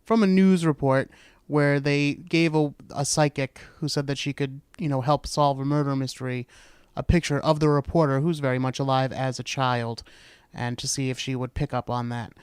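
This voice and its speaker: A man's voice: mid-range voice, steady tone, normal speed, a little mellow, smooth, no room sound. A man hosting a podcast, giving blunt, sarcastic commentary. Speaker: podcast host.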